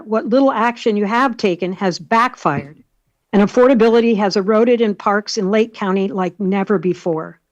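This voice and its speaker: A woman's voice: mid-range voice, no echo. A woman giving public comment at a county board meeting, earnestly reading a prepared statement and pleading for action. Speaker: public commenter, homeowners league volunteer.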